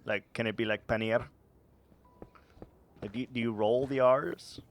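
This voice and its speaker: A man's voice: mid-range voice, steady tone, normal speed, a little hiss or hum. A man streaming a game, chatting casually with viewers in a joking, rambling way and laughing often. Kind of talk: casual gaming stream chat.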